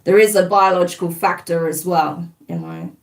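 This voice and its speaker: A woman in her thirties with a fairly low voice, talking informally to her live-stream viewers. She rambles and leans on filler words as she thinks aloud. Her voice sits a little distant from the microphone. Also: steady tone, moderate pace, creaky. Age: 30s. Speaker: spiritual reader and live-stream host. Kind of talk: casual live-stream chat.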